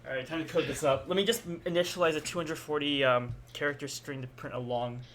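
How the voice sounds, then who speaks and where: A young man chats quickly beside a friend on a live stream, his voice a touch higher than most men's. He giggles often and laughs through his lines. A faint hiss runs under the recording. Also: fairly even intonation, a bit bright. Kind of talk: casual chat on a live stream. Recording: faint background noise.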